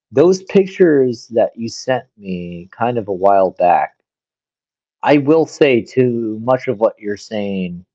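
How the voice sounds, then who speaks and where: Very deep-voiced male host, muffled. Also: no room sound. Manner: relaxed, affirming, chatty. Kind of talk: casual chat moderating a live audio chat. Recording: dull dry phone audio.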